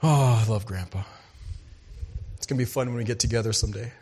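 A man preaching a sermon, reading scripture and telling farm stories, swinging between loud emphasis and hushed asides. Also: mid-range voice, fast, breathy edge. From farming background. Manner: storytelling, animated, shifts between loud and hushed. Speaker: pastor.

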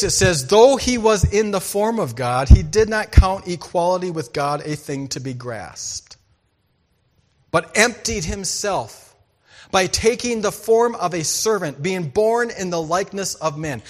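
A man preaching a sermon, reading scripture and telling farm stories, swinging between loud emphasis and hushed asides. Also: high-pitched, measured pace. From farming background. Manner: storytelling, animated, shifts between loud and hushed. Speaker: pastor.

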